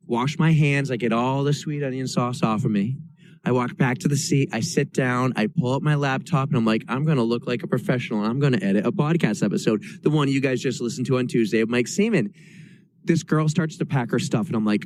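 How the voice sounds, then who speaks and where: A man from New Hampshire co-hosting a podcast, telling a story in a lively, self-mocking way and acting out the quotes. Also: mid-range voice, brisk, a little hiss or hum, low-quality recording. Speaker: podcast co-host. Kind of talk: casual storytelling chat.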